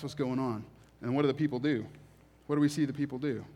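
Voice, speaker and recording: Male preacher, reads scripture then unpacks it plainly, repeats lines for emphasis; mid-pitched voice, long reverb of a hall. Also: steady tone, fast talker, mellow. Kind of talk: sermon with scripture reading.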